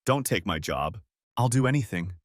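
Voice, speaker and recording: A man's voice: fairly low pitch, lively intonation, moderate pace, no echo, studio quality. A man voicing a wounded, tearful wife caught in an affair, pleading with a breaking voice.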